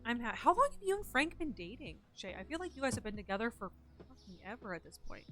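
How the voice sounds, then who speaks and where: A woman streamer, sick and stuffed up, talks in a nasal voice that sits a little high. She chats loosely with her viewers as she plays, wandering from thought to thought and dropping the odd curse. Faint game music plays quietly behind her. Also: big pitch swings, fast. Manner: chatty, rambling, swears casually. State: sick and congested. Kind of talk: casual chat with viewers while gaming.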